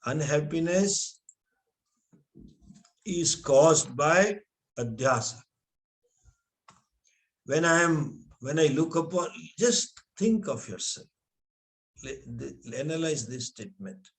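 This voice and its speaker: A man teaching scripture, explaining slowly with Sanskrit terms and frequent restarts. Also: a little high, animated. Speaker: spiritual teacher. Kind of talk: scripture lecture.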